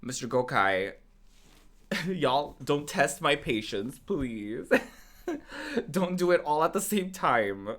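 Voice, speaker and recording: A man's voice: fairly high pitch, animated, slow, pauses often, a bit bright. A male game streamer chatting casually and playfully with his viewers, teasing them and laughing often.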